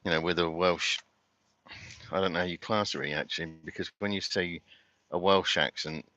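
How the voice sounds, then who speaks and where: Doing chores on a livestream, this Londoner talks to his viewers in a rambling, casual way and keeps asking them questions. He speaks with a London accent in a low, fairly even voice that is fairly quick and sharp in tone.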